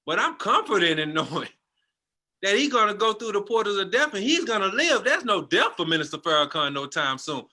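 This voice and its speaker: A man's voice: high voice, sing-song, brisk, sharp tone. A man telling a passionate personal testimony as a guest, in a storytelling manner.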